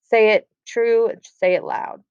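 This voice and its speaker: A woman's voice: on the high side, steady tone, takes it slowly, clean tone, dry recording, voice pushed up. A woman reading the lines of a young, forward, worried noblewoman in old verse, slightly lifted and earnest. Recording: dry, slightly dull recording.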